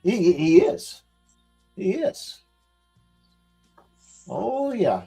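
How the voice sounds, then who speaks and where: A man's voice: high voice, big pitch swings, extremely slow, vocal fry, dark tone, slightly rough, faint music behind. A man hosting a live-stream commentary show, chatty and hesitant, with many restarts. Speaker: host.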